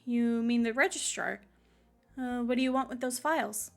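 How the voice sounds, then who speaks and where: A woman's voice: a little high, fairly even intonation, normal speed, faint music behind, lightly acted. A woman reading a wary campus clerk.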